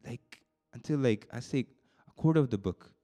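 A youth group hears a sermon from a young man talking at a moderate pace. His tone drops low and confiding, then climbs into high, excited bursts, and he regularly repeats words and begins sentences again.

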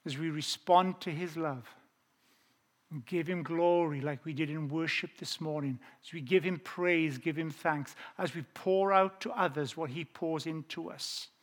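Slow earnest man preaching. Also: a little high, fairly bright tone. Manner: earnest, repetitive preaching cadence. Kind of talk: sermon.

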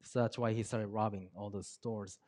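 A man's voice: fairly low pitch, steady tone, a little mellow. Earnest man telling a personal testimony. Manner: earnest, halting storytelling with many ums. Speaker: speaker sharing a personal testimony.

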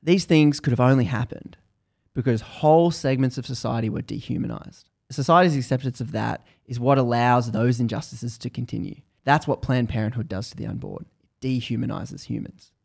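A man doing a calm, unfazed male protester. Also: mid-range voice, normal speed, creaky. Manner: calm, level, steady.

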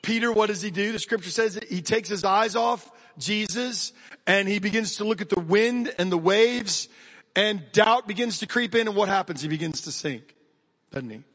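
With his fairly high voice ringing out in what sounds like a large hall, this American pastor gives a spirited sermon. He mixes quick bursts with slow, weighted phrases and keeps turning aside to speak directly to the congregation.

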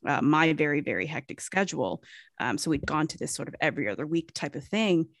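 A woman's voice: sits low, expressive, quick pace, dry recording, studio quality. A woman in her thirties co-hosting a podcast, talking in a rambling casual way with lots of fillers. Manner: rambling, many fillers and restarts. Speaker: podcast co-host. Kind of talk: casual chat.

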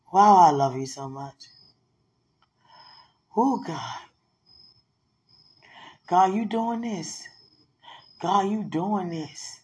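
A woman in casual, heartfelt talk with her partner, emotional and prayerful, often soft and murmured, with easy laughs. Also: lowish voice, vocal fry, slightly rough. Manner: laughs easily, playful.

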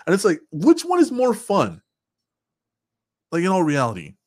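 A man hosting a casual podcast, telling stories in an animated, profane way and acting out quotes. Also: medium pitch, normal speed, no room sound, studio quality. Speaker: podcast host.

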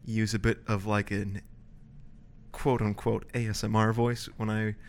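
A man's voice: lowish voice, little pitch movement, a little slow. A young man co-hosting a casual podcast from a library study room, rambling with lots of fillers. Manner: rambling, filler-heavy, self-conscious. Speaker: podcast co-host. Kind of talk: casual chat.

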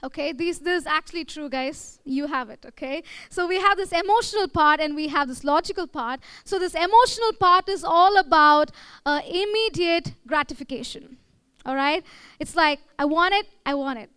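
A woman's voice: sits high, moderate pace, a bit bright. A young woman with an Indian English accent preaching a sermon in a conversational way, often checking in with her listeners. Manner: conversational, checks in with "okay?" and "all right?".

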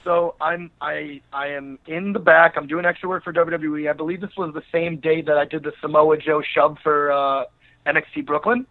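Man, wrestler guest, higher voice, tinny phone line, acts out quoted people in his story. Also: flat delivery, normal speed. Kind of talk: casual storytelling interview.

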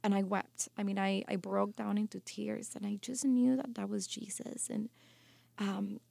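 A woman's voice: medium pitch, level tone, moderate pace, vocal fry, mellow, no echo. A woman guest on a podcast, telling a personal testimony earnestly and emotionally, often restarting her sentences. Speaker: podcast guest, life coach.

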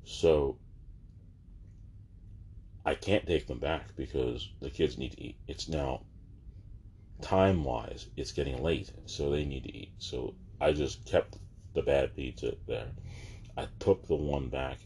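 Deep-voiced man ranting in exasperation. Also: slow pace, gravelly, long pauses, a little mellow, slight background noise. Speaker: vlogger. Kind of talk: casual storytelling.

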